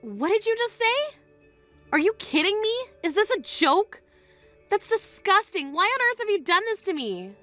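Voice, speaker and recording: An indignant young bride who stands her ground, voiced by a woman in a texting story. Her voice is high, bright and sharp-edged, and she speaks firmly and plainly. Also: lively intonation, a little fast, faint music behind. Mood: shocked. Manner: firm, indignant. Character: young bride, wronged and firm. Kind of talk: text-message story reading.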